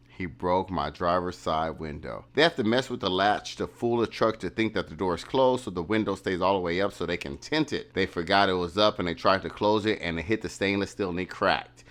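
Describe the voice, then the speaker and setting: A man's voice: sits low, fairly quick, hardly any pauses, a bit bright. A man hosting a casual vlog, telling a story animatedly and acting out the quotes of others. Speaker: vlogger.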